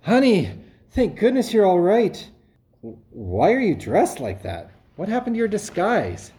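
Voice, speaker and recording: A woman's voice: mid-range voice, wildly swooping pitch, unhurried, mellow. A woman playing a panicky middle-aged male restaurant owner in a play read-through, flustered and frantic.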